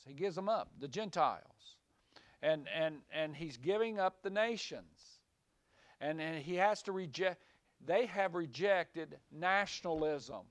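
A man on the high side of the pitch range preaches to a small group in a small room, repeating words as he rambles and then pressing hard on key points. It's small-group Bible teaching, with no room sound.

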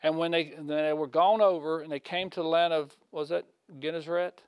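A man giving a conversational sermon in a folksy way, asking his listeners questions and swinging from loud to hushed. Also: a little high, fairly even intonation, a little fast, clean tone, no room sound, muffled recording. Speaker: preacher.

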